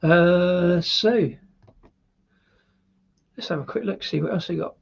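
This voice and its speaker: Husky-voiced British man reviewing beer. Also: high-pitched, slow, highs cut off. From Britain. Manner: chatty, rambling, laughs often. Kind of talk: live-stream beer review chat.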